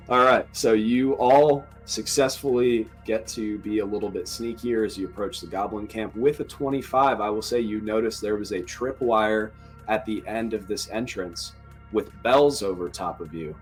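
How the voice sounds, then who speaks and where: Low-voiced guy dm'ing a tabletop game, jokey and laid back, faint music behind. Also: moderate pace. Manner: joking, relaxed narration. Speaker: dungeon master.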